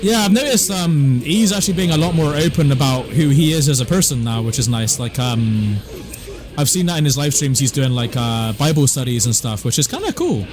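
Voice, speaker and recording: A man's voice: mid-range voice, sing-song, fairly quick, over music. A man from southwest England with a West Country accent, chatting casually on a game stream and answering chat in a laid-back way. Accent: West Country English.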